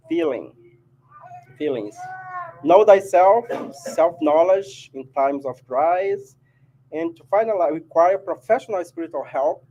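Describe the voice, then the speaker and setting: A man's voice: fairly high pitch, a little mellow, highs cut off, a little hiss or hum. A man with a Brazilian Portuguese accent giving a casual spiritual talk to an audience, often adding "right?". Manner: chatty, keeps asking "right?". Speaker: spiritist speaker. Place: meeting hall of a spiritist society.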